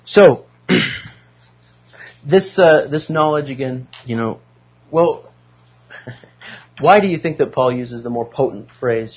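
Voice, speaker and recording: Husky man teaching a Bible study. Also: medium pitch, normal speed, lo-fi sound. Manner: conversational, asks the group questions. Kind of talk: leading a Bible study class.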